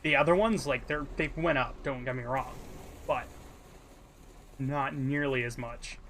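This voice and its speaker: A man's voice: medium pitch, unhurried, fairly bright tone, a little hiss or hum. A tired man streaming a game live, chatting casually and breaking into exclamations and laughter. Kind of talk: casual gaming stream chat.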